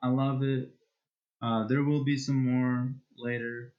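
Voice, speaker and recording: Slow, rambling male streamer. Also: mid-range voice, little pitch movement, dull audio. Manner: rambling and hesitant, with many restarts. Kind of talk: casual chat wrapping up a live stream.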